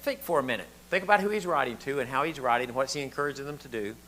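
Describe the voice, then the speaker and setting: A man's voice: medium pitch, very fast, fairly bright tone, slight background noise. An older man from the southern United States with a Southern accent, preaching a conversational sermon and asking the congregation questions. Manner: folksy, asks the room questions, repeats words often. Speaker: pastor.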